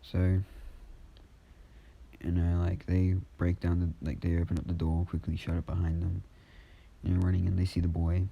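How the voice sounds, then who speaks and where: A man's voice: deep voice, monotone, normal speed, gravelly, pauses often, husky, dull audio. A man casually telling an improvised fan story, rambling with many fillers.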